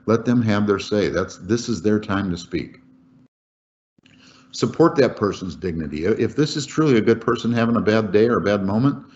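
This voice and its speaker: A man's voice: fairly low pitch, a little mellow. A man teaching a webinar on workplace safety in a folksy, conversational way, repeating key points for emphasis. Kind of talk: webinar lecture. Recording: dull lo-fi webinar audio.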